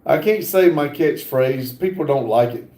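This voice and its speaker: A man with a drawl hosts a casual livestream and reads viewer comments aloud, pausing on plenty of fillers. His voice sits fairly high, mellow and unhurried. The room around him is echoey. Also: expressive. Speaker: livestream host reading chat. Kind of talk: casual live chat.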